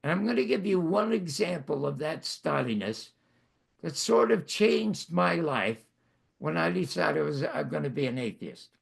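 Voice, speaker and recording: An elderly man in his nineties from Canada tells long stories about his own life in a wry, self-mocking way. His voice is gravelly and husky, set a little higher than most men's. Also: expressive, moderate pace. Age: 90s. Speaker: host. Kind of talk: storytelling monologue.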